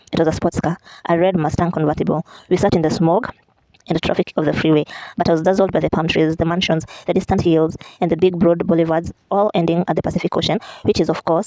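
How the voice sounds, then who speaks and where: A woman's voice: fairly low pitch, warm tone, dry recording, rough recording. A woman reading a memoir aloud in a casual way, correcting herself now and then and adding chatty asides.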